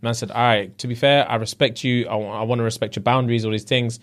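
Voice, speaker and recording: A man's voice: medium pitch, quick pace. A man, co-hosting a podcast, casually retelling a reality show with lots of slang and acted-out quotes. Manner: animated storyteller, acts out quotes, heavy slang. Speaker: podcast co-host.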